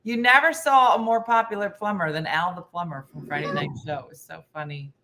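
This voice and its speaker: A woman comedian hosting a casual baking chat in a home kitchen, telling stories with animated impressions of her friends. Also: brisk, slight background noise. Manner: animated, does loud shrill impressions of friends. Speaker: comedian and host. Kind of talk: casual storytelling while baking.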